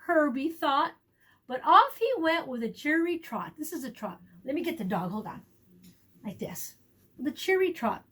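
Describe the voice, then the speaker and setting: A woman's voice: high voice, moderate pace. A woman teacher reading a picture book aloud to young children, asking them questions as she goes. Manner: warm, animated storytelling with questions to children.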